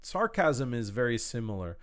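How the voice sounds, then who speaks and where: A man's voice: mid-range voice, sing-song, normal speed. A man teaching an online English lesson to a camera in a room, explaining words patiently with simple examples. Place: indoor room, warm. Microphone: speaking to a camera.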